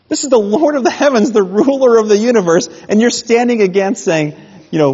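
A man preaching a sermon in an animated way, with mock-indignant asides. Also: high-pitched, brisk, husky. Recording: dull sound in a reverberant hall.

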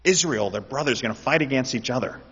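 A man's voice: mid-range voice, fast talker, husky. Preacher man in a reverberant hall. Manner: animated, rising to loud emphatic calls. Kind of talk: sermon. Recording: dull sound with long hall reverb.

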